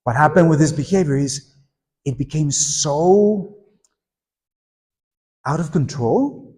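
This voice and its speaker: A middle-aged man leads a workshop for teachers, lively and prompting the audience to repeat and join in. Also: fairly high pitch, slow. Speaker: teacher trainer. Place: conference room at a teachers' meeting. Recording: echoey conference hall.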